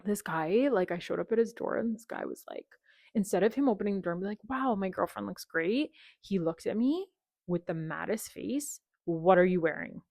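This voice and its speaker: A woman in her thirties, a podcast guest telling a personal story in a candid, animated way, acting out quoted dialogue and saying "like" often. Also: medium pitch, a little fast, creaky, no room sound, studio quality.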